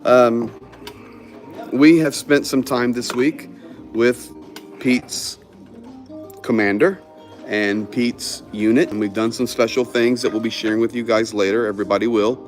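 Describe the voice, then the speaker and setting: A man's voice: medium pitch, unhurried, pauses often, faint music behind. A man telling a story in casual conversation, acting out the people he quotes. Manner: animated, acts out quoted voices.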